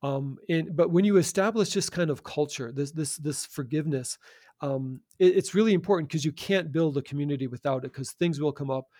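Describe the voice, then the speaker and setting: A man's voice: on the high side, brisk, mellow, no room sound, studio quality. A man speaking earnestly about community and faith, often repeating words as he restarts. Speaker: guest. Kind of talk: conversational faith talk.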